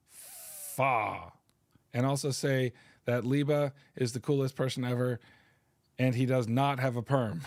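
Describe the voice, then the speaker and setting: Man, history teacher, casual livestream host reading chat, dry close mic, middle pitch. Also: a little mellow, dry recording. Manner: casual, playful, reads names aloud. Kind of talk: livestream reading viewer comments.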